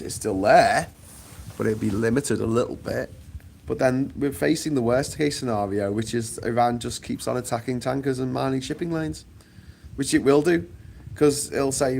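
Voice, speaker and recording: A man's voice: lowish voice, vocal fry, darkish tone, a little hiss or hum. A British man vlogging outdoors on a sunny island, giving a blunt, profane, sarcastic opinion rant.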